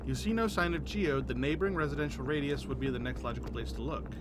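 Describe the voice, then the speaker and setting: A man's voice: medium pitch, quick pace, background noise. Brief: casual male game streamer, chatty and profane, reads quest text aloud. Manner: chatty, swears and laughs while reading quest text aloud.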